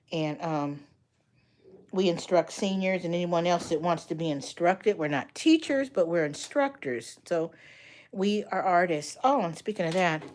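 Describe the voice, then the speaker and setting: Her voice sits on the low side as she, an older woman, grandmother, and art instructor, chats on a livestream. She calls out to viewers by name and retells stories with plenty of liveliness.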